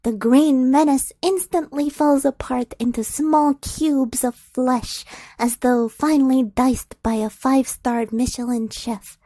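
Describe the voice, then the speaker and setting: A young woman reads fan fiction aloud on a stream, breaking off now and then for playful, giggly remarks. Her voice is high and her reading slow. The sound is dry and close to the mic. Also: fairly even intonation, mellow, no echo.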